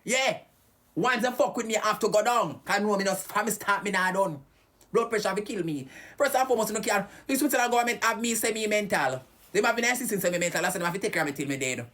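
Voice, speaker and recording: A woman's voice: mid-range voice, lively intonation, quick pace, fairly bright tone. A Jamaican woman ranting heatedly and cursing on a live stream.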